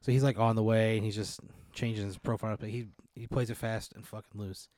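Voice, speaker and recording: A man's voice: on the low side, flat delivery, a little fast, darkish tone, no echo, studio quality. A man casually telling an absurd, profane hypothetical story and putting on voices for its characters. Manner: spins an absurd scenario, puts on voices, profane. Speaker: podcast co-host posing a hypothetical.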